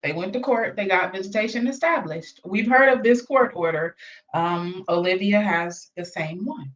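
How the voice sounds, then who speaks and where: A woman's voice: medium pitch, moderate pace, muffled recording. A woman hosting a reaction channel, chatting casually and exclaiming gossipy asides to her viewers.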